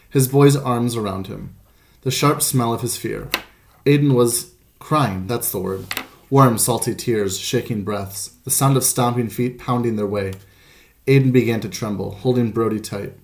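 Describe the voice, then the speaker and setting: A man narrates a storybook in a measured, gentle way. His voice sits at an ordinary pitch and has a gravelly texture. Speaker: audiobook narrator. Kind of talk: scripted narration.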